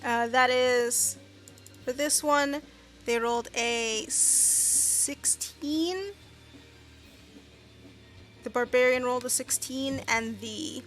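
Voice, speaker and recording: A woman with a high, bright voice narrates a tabletop game as its game master. She talks chattily and trails off into fillers, with faint music behind her. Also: steady tone, takes it slowly, pauses often.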